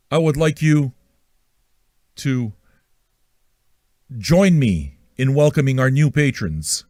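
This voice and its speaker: A man's voice: mid-range voice, no room sound, clean studio sound. A man hosting an online music radio livestream, joking crudely and rambling as he welcomes listeners. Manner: joking, self-mocking, crude. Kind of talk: profane, rambling livestream banter.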